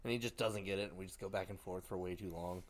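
A man's voice: low-pitched, steady tone, fast talker, a little hiss or hum. A young man in casual podcast chat, joking and acting out imagined back-and-forth dialogue. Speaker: podcast co-host.

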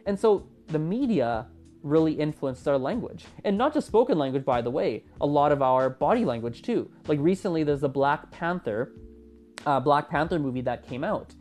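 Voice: mid-range voice, moderate pace, soft background music. A podcast host in their twenties, talking casually and with animation on a solo episode. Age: 20s. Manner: chatty and animated, with a lively rising delivery.

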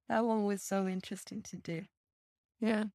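An American woman hosting a podcast, chatting in an unhurried, friendly way on a remote call with headphones. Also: mid-range voice, fairly even intonation, dark tone, no echo, studio quality. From United States. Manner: unhurried, friendly, laughs easily. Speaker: podcast host. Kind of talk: casual chat wrapping up a remote conversation.

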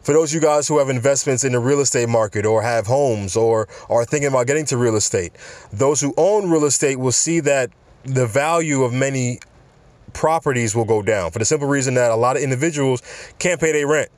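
A man's voice: medium pitch, a little fast, darkish tone, no echo. Casual New podcast man, dry sound. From New York. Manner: casual, street-slangy, rambling asides. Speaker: podcast host. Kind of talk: solo podcast commentary. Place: home in South Florida.

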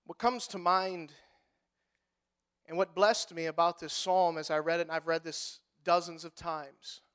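A man preaching as a pastor, swinging between hushed lines and loud, pleading outbursts, with emphatic repeated phrasing. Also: a little high, steady tone, measured pace, clean tone. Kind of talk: preaching a sermon.

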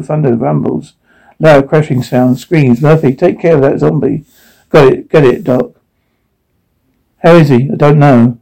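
A man reading subtitles and sound cues aloud in an even, uninflected way, giving dialogue and sound descriptions the same delivery. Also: fairly high pitch, measured pace, creaky, rough recording. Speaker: caption reader.

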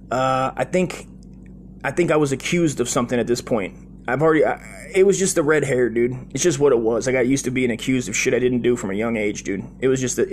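A man's voice: mid-range voice, a little mellow, a little hiss or hum. A man in his forties casually telling a long childhood story, profane and loose, with lots of "dude" and "right?".

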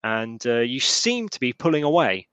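A man narrating as game master of a tabletop role-playing game, halting and full of restarts. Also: medium pitch, very animated, fairly bright tone, clean tone, no room sound. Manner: halting, lots of restarts and fillers.

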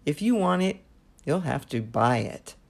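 A woman's voice: low-pitched, animated, a little slow, creaky, heavily acted. A woman reading the lines of a firm shop owner who refuses to hand over a boat. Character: firm old male shopkeeper.

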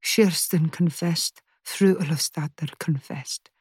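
Audiobook role: woman reading a sobbing older mother, thick low voice, slow and dragging. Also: a little mellow, slightly rough, no room sound, studio quality, exaggerated voice. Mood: low, grieving. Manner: sobbing, breaking off mid-sentence. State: crying. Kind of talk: audiobook character voice.

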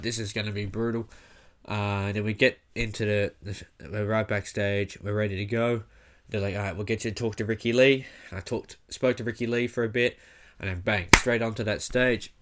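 A young comedian with a fairly low voice tells his story in a relaxed, rambling way. He swears freely and fills his pauses with "uh" and "um". He has the easy pace of a casual monologue. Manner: rambling, swears often, frequent fillers.

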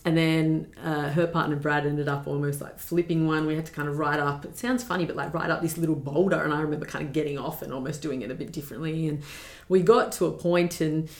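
A woman's voice: low-pitched, fairly even intonation, fast talker, reverberant. A young woman telling a personal story as a podcast guest, earnest and reflective, with many fillers.

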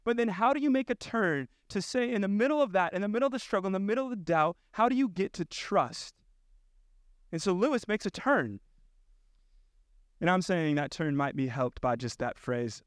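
A man's voice: fairly high pitch, clear, resonant tone, dry recording, clean studio sound. A male pastor preaching a sermon, earnestly reading quoted passages aloud. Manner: earnest, reads quotes with rising intensity.

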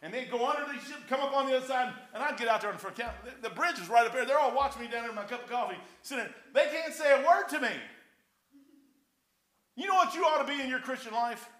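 With an extremely high pitch and a quick pace, an older man's slightly bright voice carries a rambling storytelling sermon. He keeps it casual, full of folksy anecdotes and repeated "man."

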